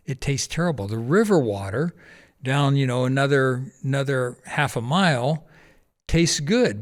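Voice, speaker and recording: A man being interviewed on a podcast, telling a lively anecdote and acting out the other people's lines with frequent laughter. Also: medium pitch. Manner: animated anecdote-telling, acting out quoted voices, laughs often. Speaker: podcast guest, charity founder. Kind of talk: casual storytelling interview.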